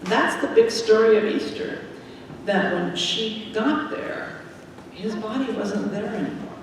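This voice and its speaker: A woman minister telling a simple story to children during a church service, in a gentle, plain way. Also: mid-range voice, measured pace, a little hiss or hum. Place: large church sanctuary. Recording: echoey sanctuary from far off.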